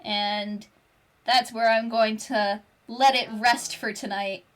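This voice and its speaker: Woman running a tabletop game, slow easy pace, kinda high voice, swears a lot. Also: fairly even intonation, fairly bright tone. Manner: casual, swears freely. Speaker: game master.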